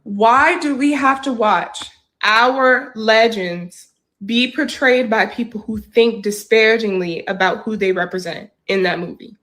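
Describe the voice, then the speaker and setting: A woman's voice: a little high, unhurried, fairly bright tone. A woman giving indignant, argumentative commentary to camera, full of rhetorical questions. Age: adult. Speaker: social media commentator.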